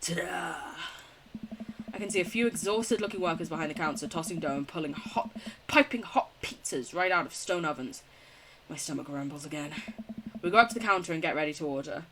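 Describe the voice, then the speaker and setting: A woman's voice: sits low, expressive, fairly quick, noisy background. A young woman streaming a game, reading its text aloud and chatting casually, often giggling and swearing. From United Kingdom. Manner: giggly, swears casually, chats with chat between read lines.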